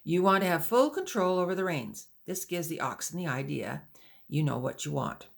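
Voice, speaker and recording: A woman's voice: low-pitched, animated, normal speed, creaky. A woman reading the part of a patient male wagon teamster who instructs pioneer women, in an audiobook. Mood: instructive. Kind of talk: audiobook dialogue.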